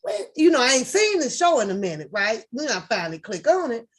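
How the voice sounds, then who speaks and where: A woman's voice: a little high, sing-song, brisk, slightly rough. A woman giving casual reaction commentary, talking bluntly with plenty of profanity, rambling, and throwing in sarcastic asides. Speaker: reaction video host.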